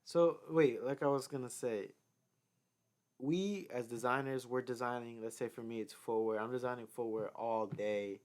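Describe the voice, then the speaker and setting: A young male footwear designer co-hosting a casual podcast, easygoing and quick to chime in. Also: mid-range voice, steady tone, a little mellow. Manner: easygoing, chimes in with short agreements. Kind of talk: casual chat.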